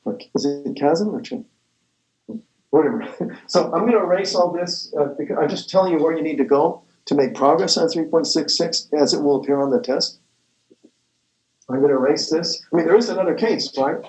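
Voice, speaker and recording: A man's voice: on the high side, a little fast, a little mellow, roomy sound, low-quality recording. A man lecturing a math class, rambling and correcting himself as he goes, with the odd chuckle. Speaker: math professor.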